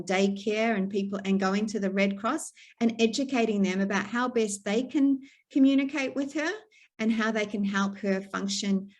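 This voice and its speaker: Over a video call, a middle-aged speech pathologist from New Zealand talks to a stroke support group at a medium pitch. Her delivery is plain and practical, with fillers and restarts along the way.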